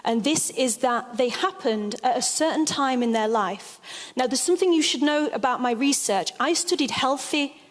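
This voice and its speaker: A woman giving a stage talk as an expert speaker, an expressive and animated storyteller. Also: sits high, moderate pace, in a large hall. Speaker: expert speaker on altered states.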